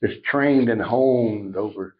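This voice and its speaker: Low-voiced man telling a recovery story. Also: slow pace. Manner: animated storyteller acting out dialogue. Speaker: podcast guest. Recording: dull lo-fi sound.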